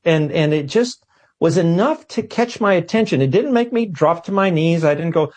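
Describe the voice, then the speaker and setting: Man, husky, slightly high voice, animated storyteller, interview guest. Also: moderate pace. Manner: animated storytelling, repeats words. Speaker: guest scientist. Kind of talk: talk show interview.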